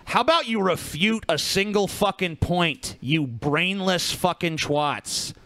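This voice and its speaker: A man's voice: high voice, lively intonation, takes it slowly, a bit bright, no room sound. A man co-hosting a podcast, ranting bluntly and combatively with constant swearing. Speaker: podcast co-host. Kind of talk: profane casual chat.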